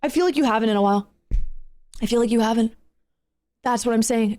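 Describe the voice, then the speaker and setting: High-pitched female streamer, sweary, repetitive, playful-angry delivery. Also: fast, a little mellow. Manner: swears, repeats herself, swings between angry and playful. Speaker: VTuber streamer. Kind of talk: live stream rant to chat.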